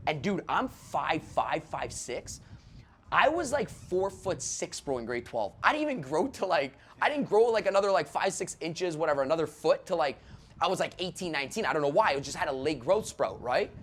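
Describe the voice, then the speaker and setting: A man telling his story on a podcast in a rapid, excitable, profane way, full of "like" and "bro". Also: on the high side, slight background noise. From Canada. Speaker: sales trainer guest.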